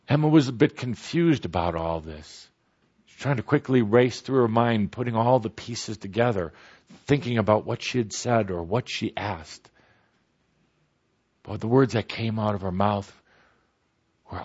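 Husky low-voiced man telling a story. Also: a little slow, a little mellow. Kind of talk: spoken storytelling. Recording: dull lo-fi recording.

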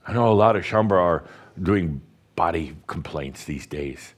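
A man, a spiritual teacher, guiding a group through deep breathing in a playful, teasing way with slow, emphatic phrasing. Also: animated. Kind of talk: guided breathing talk to an audience.

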